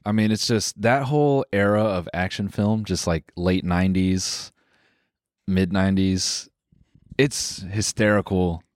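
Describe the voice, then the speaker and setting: A man's voice: low voice, a little slow, dry recording, clean studio sound. Laid-back teasing podcast co-host man. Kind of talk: casual chat.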